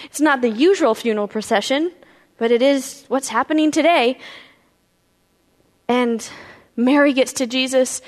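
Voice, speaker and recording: Lady pastor retelling a bible story, high voice, big echoey hall. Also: a little slow. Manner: animated retelling with character voices. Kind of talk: storytelling sermon. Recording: reverberant hall.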